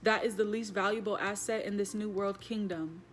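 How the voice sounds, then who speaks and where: A woman's voice: mid-range voice, steady tone, moderate pace, faint music behind. A woman giving a casual spoken spiritual reading straight to her viewers, earnest and emotional, rambling with lots of fillers. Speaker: spiritual message reader.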